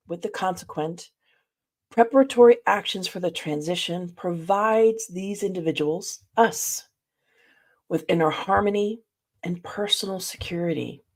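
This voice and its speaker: A woman presenting a reflective spiritual study talk, speaking in a measured way and addressing her listeners directly. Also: mid-range voice, darkish tone.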